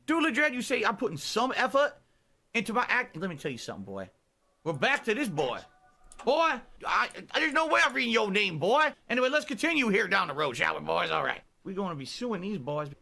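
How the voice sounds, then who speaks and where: A man's voice: sits high, sing-song, fairly quick, gravelly, pushed and bright, exaggerated voice. A male streamer doing an old Southern colonel with a put-on Southern accent, drawling and brash while commenting on a game. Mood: rowdy folksy. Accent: put-on American Southern. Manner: drawling, rowdy, brash heckling. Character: folksy old Southern colonel, calls everyone boy.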